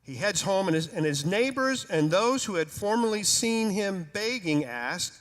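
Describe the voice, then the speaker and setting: A man preaching a sermon as pastor in a church, storytelling in a conversational, humorous, animated way. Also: high-pitched, unhurried, hardly any pauses, in a large hall. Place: church sanctuary.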